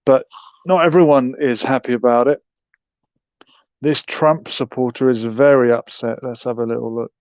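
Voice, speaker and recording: A man's voice: medium pitch, steady tone, moderate pace, a little mellow, dry recording. Wry male host with dull lo-fi sound. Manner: wry, sarcastic, musing. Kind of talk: livestream commentary.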